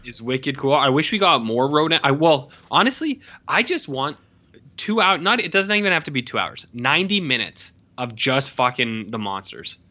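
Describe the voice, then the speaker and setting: Male podcast co-host, bright crisp tone, casual profane film chat, muffled lo-fi sound. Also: mid-range voice, moderate pace. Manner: animated, profane, restarts often.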